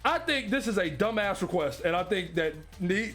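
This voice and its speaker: A man giving casual, profane reaction commentary as a streamer, with animated slang and frequent laughter. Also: high voice, a little fast, hardly any pauses, faint music behind.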